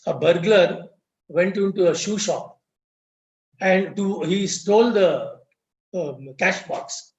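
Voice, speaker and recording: A man's voice: high voice, slow, a little mellow. A man giving a storytelling lecture on a video call, telling parables and repeating key phrases for emphasis. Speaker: guest speaker at a lodge webinar. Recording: roomy, muffled webinar audio.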